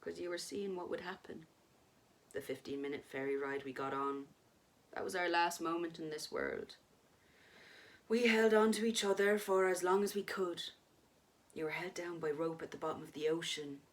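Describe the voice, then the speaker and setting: Patient, soothing ghost husband, read by a woman, quiet and steady. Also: on the low side, normal speed, lightly acted. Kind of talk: dramatic story reading.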